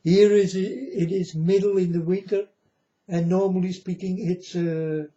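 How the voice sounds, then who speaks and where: Man, rambling preachy monologue, slightly high voice, muffled lo-fi sound. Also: fairly even intonation, dark tone. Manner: slow, repetitive, preachy, addresses viewers as folks. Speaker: self-styled prophet. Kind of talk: rambling religious monologue to viewers. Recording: dull lo-fi sound.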